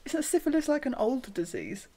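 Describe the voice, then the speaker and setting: A woman's voice: high-pitched, huge pitch swings, moderate pace, dark tone. A woman co-hosting a wrestling podcast, chatting casually with wry, short replies, some swearing and laughter. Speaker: podcast co-host.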